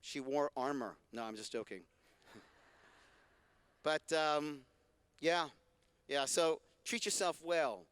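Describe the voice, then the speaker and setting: A man's voice: a little high, slow, pauses often, clear, resonant tone, dry recording. Male rabbi, lecture with Q&A, dry close sound, resonant voice. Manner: warm, joking, conversational teaching. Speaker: rabbi and speaker. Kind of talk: lecture with audience questions. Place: convention hall stage.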